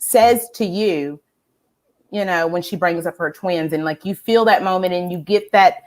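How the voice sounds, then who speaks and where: Lower-voiced woman chatting excitedly. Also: moderate pace. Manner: animated, reads viewer questions aloud, frequent restarts and "right?". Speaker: co-host. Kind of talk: casual pop culture podcast chat.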